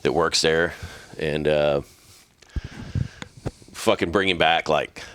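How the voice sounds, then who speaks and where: A man's voice: a bass voice, steady tone, slow, a bit bright, a little hiss or hum. A man co-hosting a podcast, telling rambling, profanity-laced anecdotes in casual chat.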